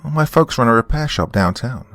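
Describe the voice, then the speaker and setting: A man voicing a frightened thirteen-year-old girl in a horror story, speaking high and pleading. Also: expressive, brisk, fairly bright tone, no room sound, faint music behind.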